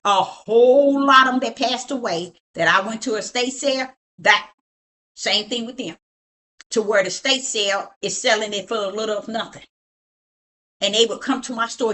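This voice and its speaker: In a casual tour of her home, a middle-aged prophetess talks emphatically and preachily, frequently checking "you see?" as she shows things off. Her voice is fairly high, pushed and bright, with lively intonation and an unhurried pace.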